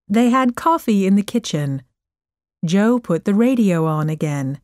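A woman narrating a storybook chapter in a careful, expressive reading voice. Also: mid-range voice, unhurried, dry recording, clean studio sound.

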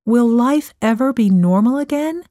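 A woman voicing a frightened fifteen-year-old boy who asks anxious, searching questions, read slowly for an audiobook. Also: a little high, animated, dark tone, no room sound, clean studio sound, pitched above the performer's own voice.

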